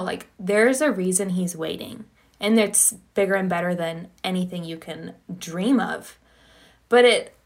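A woman's voice: fairly low pitch, gravelly, fairly bright tone. A young woman hosting a casual, earnest faith conversation, using many filler words. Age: young adult. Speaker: podcast host.

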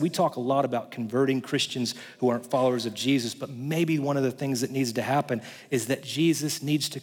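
A male pastor preaching a sermon in a conversational way, swinging between loud passages and hushed ones. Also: a little high. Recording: long hall reverb.

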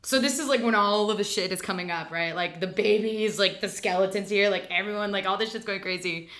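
A woman theater actor, a guest in a casual podcast conversation, telling a story in a chatty, animated way with lots of fillers. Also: mid-range voice, fairly quick.

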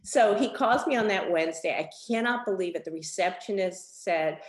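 An older woman, a guest in an interview, telling a story with lively acted-out quotes. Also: mid-range voice, moderate pace. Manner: animated, acts out quotes. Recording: echoey room.

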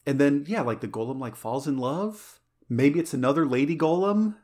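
A man's voice: on the high side, expressive, normal speed, a little mellow. A man hosting a podcast, chatting casually in an enthusiastic, rambling way. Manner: enthusiastic, rambling, many fillers and restarts. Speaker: podcast host. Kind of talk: casual chat.

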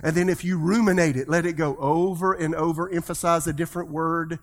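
A pastor preaching a sermon, leading the congregation in call-and-response and swinging his voice between loud and soft. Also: fairly high pitch, steady tone, brisk.

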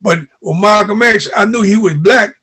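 A man's voice: high voice, moderate pace, slightly rough. An older man, an interview guest telling stories and acting out the dialogue he remembers. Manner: animated retelling with quoted dialogue. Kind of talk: storytelling in an interview.

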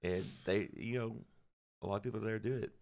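Gravelly low-voiced man telling stories. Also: steady tone, a little fast, a little mellow. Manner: rambling storyteller, swears casually. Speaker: guest musician. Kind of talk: casual podcast chat.

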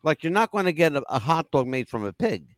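Male talk-show host, lively storyteller, pitch bounces all over, profane, dry close mic. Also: quick pace, dry recording. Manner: animated storyteller, swears freely. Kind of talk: casual chat show talk.

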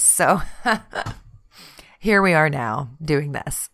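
A woman with a smooth, clear voice that sits on the lower side hosts her podcast as a tarot reader. She talks in an easygoing, chatty monologue and laughs often. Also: unhurried. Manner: chatty and warm-hearted, laughs often, says "y'all".

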